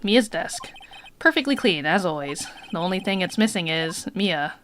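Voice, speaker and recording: A woman reading the lines of a wry young male defense lawyer in a dry, deadpan way. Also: fairly low pitch, moderate pace, a little hiss or hum.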